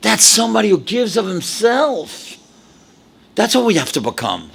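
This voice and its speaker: Older man from New York, rabbi, high voice, swooping storytelling, dramatic pauses and exclamations. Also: gravelly, husky. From New York, USA. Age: 70s. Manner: animated, dramatic storyteller with sudden drops and exclamations. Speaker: rabbi, speaker. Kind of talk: storytelling lecture to an audience.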